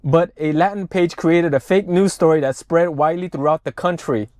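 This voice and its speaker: High-pitched man, profane ranting news commentator, dry close sound. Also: steady tone, normal speed, darkish tone, no echo. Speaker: political commentator.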